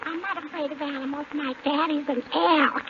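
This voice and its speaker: Cheeky toddler girl, high and sassy, 1940s radio comedy with a faint audience behind. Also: steady tone, moderate pace, a crowd in the background. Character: cheeky little girl Matilda, three and a half, wisecracking. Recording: muffled 1940s radio broadcast with hiss.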